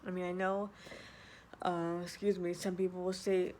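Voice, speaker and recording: A woman's voice: fairly low pitch, flat delivery, normal speed, mellow, a little hiss or hum. A woman talking casually and earnestly to her viewers, often repeating herself and restarting sentences as she gives advice. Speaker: vlogger. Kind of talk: casual advice talk to camera.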